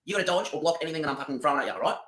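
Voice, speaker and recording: A man voicing a brash, foul-mouthed young male combat trainer in an animated comedy, swearing and barking orders. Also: on the high side, very fast. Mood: bossy. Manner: swearing, bossy, shouty bursts.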